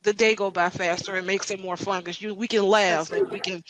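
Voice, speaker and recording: Brief: high-pitched man, casual and chatty, laughs a lot, noisy call line. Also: fairly even intonation, brisk. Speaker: team member on a panel. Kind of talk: casual chat.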